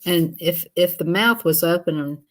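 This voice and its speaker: A woman's voice: lowish voice, moderate pace. A woman chatting casually on a livestream while coloring, laughing often and greeting viewers. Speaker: livestream host.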